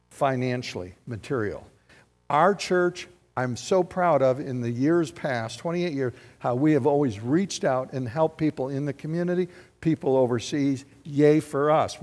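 A man, a pastor preaching a lively, conversational sermon full of rhetorical questions. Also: fairly high pitch, big-room sound.

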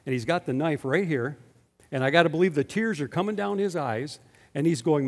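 A man's voice: on the high side, lively intonation, a little fast, soft background music. A man preaching a sermon. He speaks emphatically and keeps asking the congregation rhetorical questions, and the recording has a long hall reverb. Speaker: pastor.

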